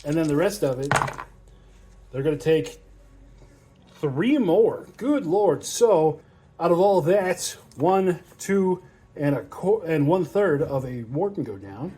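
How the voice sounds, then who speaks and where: A man's voice: on the high side, expressive, takes it slowly, warm tone, a little hiss or hum. A man hosting a tabletop wargame battle report, chatting casually as he counts dice aloud and laughs often. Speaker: tabletop wargame player and channel host.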